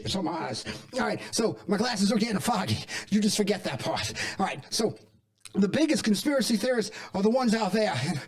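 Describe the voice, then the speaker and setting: Guy doing a chain-smoking conspiracy crank, high voice that swoops around, rambles, swears he's not crazy. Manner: rambling, digressive, self-contradicting; defensive, insists he is not crazy. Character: paranoid rambling flat-earther man, chain smoker. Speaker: comedy character host. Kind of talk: comedic monologue to camera.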